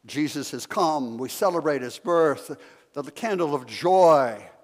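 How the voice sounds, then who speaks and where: A man's voice: fairly high pitch, expressive, measured pace. A male pastor preaching a sermon, telling a story and asking the congregation questions. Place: church sanctuary. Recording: long reverb of a sanctuary.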